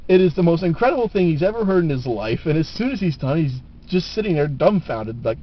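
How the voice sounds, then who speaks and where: A man's voice: a little high, sing-song, fairly quick, few pauses, slight background noise. A man telling jokes casually to the camera, laughing at his own punchlines, on a dull lo-fi camera recording.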